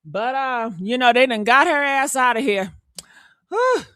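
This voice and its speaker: Sassy woman with going off on her live, high bright voice, dry sound. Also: moderate pace, smooth, no echo. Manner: fired-up, sassy, calls viewers honey and baby. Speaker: live stream host. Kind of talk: ranting live stream commentary.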